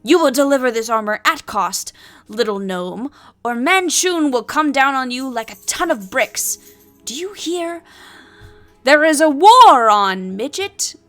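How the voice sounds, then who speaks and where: A woman's voice: high-pitched, expressive, unhurried, faint music behind, pitched above the performer's own voice. A woman doing a rude barking guard captain. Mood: threatening. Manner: barking and loud. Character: rude bullying male soldier captain.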